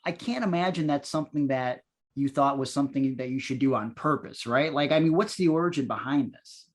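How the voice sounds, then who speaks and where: A man's voice: mid-range voice, brisk. A man hosting a podcast interview, laid-back, laughing along and asking follow-up questions. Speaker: podcast host. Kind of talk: casual interview chat.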